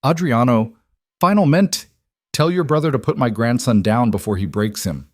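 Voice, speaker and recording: A man's voice: mid-range voice, animated, moderate pace, a little mellow, no echo, studio quality, natural voice. A man voicing a bossy older Italian mother who scolds her family with joy. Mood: scolding. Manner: commanding, scolding.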